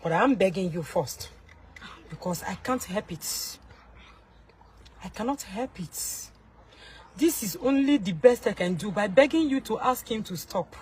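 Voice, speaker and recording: A young Nigerian woman with a Nigerian accent scolds and warns in an angry rant straight to camera, shifting between shouts and low pleading. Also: animated, unhurried, long pauses, slight background noise, low-quality recording. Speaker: social media personality.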